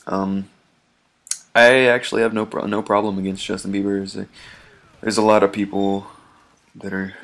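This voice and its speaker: Male gameplay commentator, low gravelly voice, loose chatty rambler. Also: a bit bright. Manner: rambling and chatty, many ums and restarts, chuckles often.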